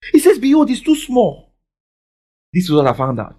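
A man delivers a sermon in a high, lively voice. He leans on call-and-response and swings from soft to loud. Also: normal speed, pauses often. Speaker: pastor. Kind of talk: preaching a sermon.

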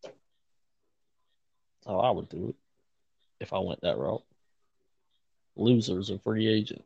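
Male co-host, excitable, laughs a lot, street slang, mid-pitched, dead-dry muffled recording. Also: measured pace, vocal fry, husky, no echo. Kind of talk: casual wrestling chat.

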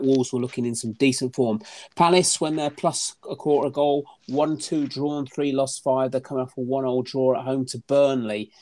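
A man working steadily through football handicap figures, one number after another. He fills pauses with hesitant sounds and speaks at an average pitch. He comes across as measured and analytical. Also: darkish tone. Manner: methodical, list-like, hesitant fillers. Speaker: betting statistics analyst. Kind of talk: reading out match statistics.

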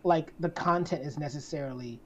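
Lower-voiced woman, lo-fi podcast mic. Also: fairly quick, a little mellow. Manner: thoughtful, restarts sentences, hedging. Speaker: podcast co-host. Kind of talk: casual chat. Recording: slightly dull lo-fi sound.

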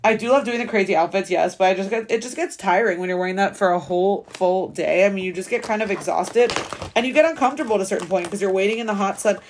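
Young woman, 20s, podcast host; fast, filler-heavy, casual monologue. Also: medium pitch, a little hiss or hum. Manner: rambling, filler-heavy valley-girl talk with frequent swearing; fast, chatty storytelling.

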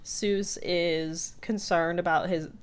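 A woman co-hosting a podcast, casually recapping a cartoon episode with an animated delivery, often laughing and lifting her voice for quoted characters. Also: fairly low pitch, slow pace, clear, resonant tone. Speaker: podcast co-host.

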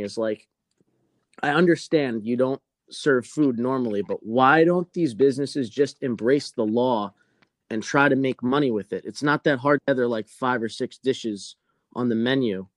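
A man telling a story on a casual podcast, animated and swearing constantly, acting out the people in it. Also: mid-range voice, no echo, clean studio sound.

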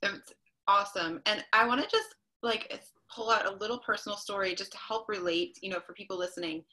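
Bright-voiced woman hosting a podcast interview. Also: mid-range voice, a little fast. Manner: warm-hearted rambling with many fillers. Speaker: podcast host. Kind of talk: casual interview chat.

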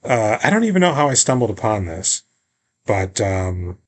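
A man's voice: lowish voice, moderate pace. A man co-hosting a casual movie podcast, telling gossip and griping about a film in a loose, profane way. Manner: gossipy, profane, animated storytelling. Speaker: podcast co-host. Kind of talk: casual movie-review chat.

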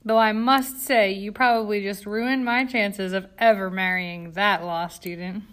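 A wry teenage girl with a snorting, exclaiming way of talking, voiced by a woman reading a storybook. Her voice sits at an ordinary pitch. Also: steady tone, unhurried, a bit bright, close to an everyday voice.

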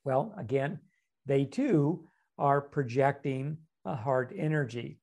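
A man hosting a podcast, answering a listener's question with calm, measured advice. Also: mid-range voice, vocal fry. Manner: calm, measured, reflective explaining. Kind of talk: casual podcast advice talk.

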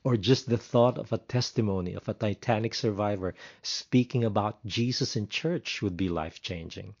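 Earnest low-voiced man narrating a sermon. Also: normal speed, a little mellow, lo-fi sound. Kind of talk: devotional storytelling narration.

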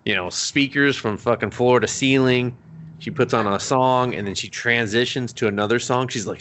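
A man's voice: mid-range voice, moderate pace, fairly bright tone. A young man co-hosting a podcast, casually recapping an anime episode in a rambling, profane way, laughing often. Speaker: podcast co-host.

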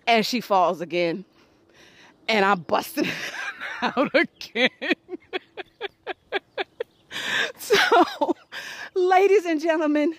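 A woman in her forties tells a family story straight to her audience, laughing often and putting on voices. Her voice sits high and bounces all over. The sound is dry and close, with no room around it. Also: no room sound. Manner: animated, laughing, acts out voices. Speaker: host. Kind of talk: casual storytelling.

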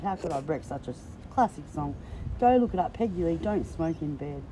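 A woman's voice: low-pitched, expressive, fairly quick, background noise. A woman vlogging casually on a phone from a car and a clinic, blunt, joking and full of swearing. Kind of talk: casual vlog chat.

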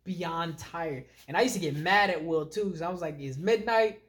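On a podcast he co-hosts, a man with a higher-pitched voice chats casually at normal speed. He's an animated storyteller who leans on a lot of filler words.

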